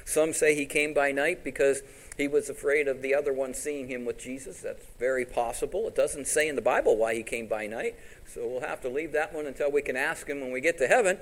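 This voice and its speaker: A pastor with a mid-range voice preaches a little fast, keeping it conversational by asking the congregation questions. He paraphrases scripture in quoted voices, and the audio is poor.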